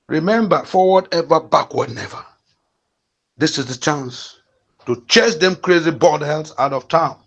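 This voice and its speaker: A man's voice: fairly high pitch, unhurried, fairly bright tone. A Nigerian man in his fifties from the east of the country, hosting an impassioned political commentary in fiery, repetitive rallying calls broken by frequent fillers. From eastern Nigeria. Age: 50s. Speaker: channel host.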